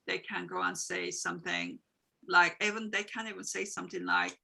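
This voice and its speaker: A woman's voice: lowish voice, moderate pace, gravelly, sharp tone, rough recording. A woman coaching guest on a video call, explaining earnestly in long, repetitive sentences with small grammar slips. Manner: earnest, explanatory, repeats phrases, non-native grammar. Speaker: guest, emotional wellbeing coach. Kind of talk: interview answers.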